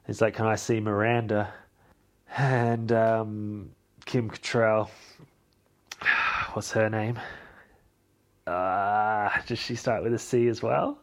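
A man's voice: fairly low pitch, steady tone, slow, long pauses, a bit bright. A young man, hosting a podcast and recapping a film in a rambling, self-mocking way. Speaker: podcast host. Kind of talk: casual chat recapping a film.

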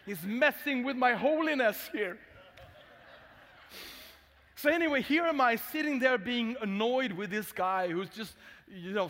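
A man's voice: sits high, a bit bright. A man with a Swedish accent, a pastor telling a funny, candid story in a sermon. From Sweden. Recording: long hall reverb.

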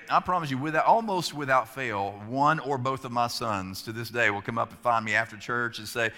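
A male pastor in his forties delivers a sermon in a bright, forceful voice. He preaches conversationally, poking fun at himself as he tells stories. His words ring out with the long reverb of a large church. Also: medium pitch, animated, normal speed, few pauses. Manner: conversational, self-mocking storytelling. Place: church sanctuary.

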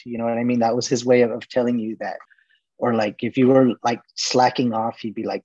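A man's voice: medium pitch, steady tone, fairly quick, mellow, slightly rough, no room sound, muffled recording. A man in his forties from Texas, a guest casually telling long rambling stories with lots of fillers. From Laredo, Texas. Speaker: interview guest. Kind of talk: casual storytelling interview.

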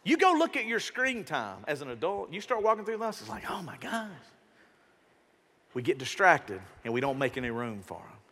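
Speaking into a stage mic, a pastor gives a sermon in a church auditorium, his high, bright voice full of energy and casual in tone as he frequently imitates other people. He moves briskly with hardly any pauses and huge swings in pitch, while long reverb trails off each phrase.

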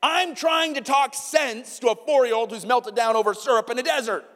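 A man, preaching a sermon and telling a family story in an animated way, asking the congregation questions. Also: very high-pitched, moderate pace, long reverb tail. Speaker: pastor. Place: church sanctuary.

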